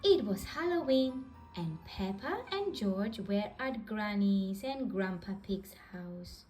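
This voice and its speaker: A woman reads a children's bedtime story in a gentle, sing-song way. She takes her time, with a lively, lilting melody. Soft music plays quietly underneath. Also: mid-range voice, slow, hardly any pauses, poor audio. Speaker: storybook reader.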